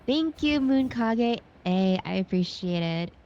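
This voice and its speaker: A woman's voice: on the high side, expressive, slow, warm tone. A congested woman on a live stream, friendly, reading and thanking chat. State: congested, breathing through mouth. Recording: dull lo-fi mic with faint noise.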